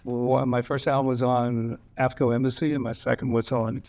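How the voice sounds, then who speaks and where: A man's voice: medium pitch, level tone, moderate pace, a little mellow, no echo. An older man, a guest actor at a screening Q&A, telling loose, profane, laughing anecdotes on a cinema stage. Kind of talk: rambling anecdotal storytelling. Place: cinema stage before a live audience.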